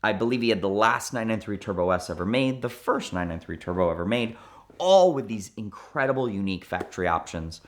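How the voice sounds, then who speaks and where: A man in his thirties, a car dealer, telling a story with lively restarts and acted-out dialogue. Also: fairly low pitch, brisk. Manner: animated, many restarts and quoted dialogue. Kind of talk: storytelling interview.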